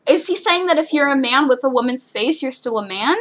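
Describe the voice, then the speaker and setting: A woman's voice: sits high, lively intonation, brisk, fairly bright tone. A young woman streaming a visual novel, reacting with incredulous, exaggerated disbelief.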